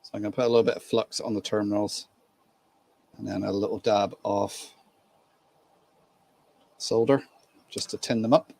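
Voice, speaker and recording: A man's voice: lowish voice, level tone, normal speed, creaky, pauses often, darkish tone. A man from Ireland hosting a casual live stream, chatting and laughing with viewers while he works on a model train. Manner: chatty, laughs easily, greets viewers by name.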